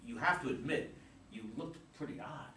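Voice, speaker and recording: A man playing a flustered but loving father in a community play reading, fumbling for words and then soft and soothing, recorded from a distance in a roomy space. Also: medium pitch, moderate pace, close to an everyday voice. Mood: defensive. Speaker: actor in a community reader's theater. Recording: roomy, distant mic with faint noise.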